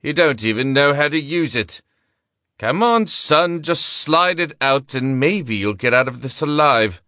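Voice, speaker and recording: A man's voice: a little high, expressive, a little slow, sharp tone, no room sound, clean studio sound, pitched above the performer's own voice. A man voicing an armed male gambler who taunts and then pleads in a story reading. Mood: taunting.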